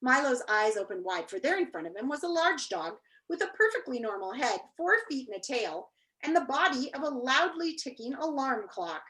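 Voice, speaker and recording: A teacher reading a children's book aloud to her class over a video call. Her high, bright voice swings widely up and down as she reads with lots of expression. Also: sing-song, moderate pace. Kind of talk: storybook read-aloud.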